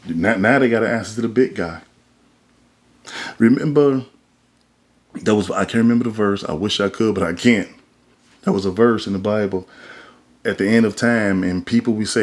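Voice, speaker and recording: A man's voice: on the low side, moderate pace, pauses often. A man hosting a podcast, talking in a casual but sermon-like way, emphatic and colloquial. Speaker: podcast host. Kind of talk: casual preachy monologue.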